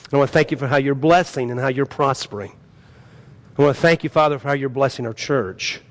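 A man preaching as a pastor and praying in an earnest, pleading way, his emphasis swelling. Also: medium pitch. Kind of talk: sermon and prayer.

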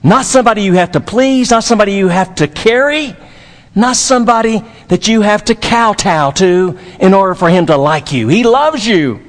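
A man's voice: high voice, lively intonation, normal speed, in a large hall. A man from Dallas, Texas, preaching a sermon as pastor, emphatic and repetitive, with folksy humor.

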